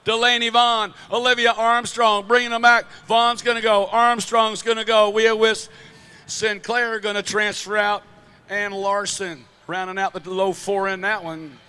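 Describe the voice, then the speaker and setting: A man gives chatty, slangy color commentary on a BMX race. His voice is very high, bright and crisp, holding a narrow pitch band. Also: flat delivery, measured pace. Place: outdoor BMX track.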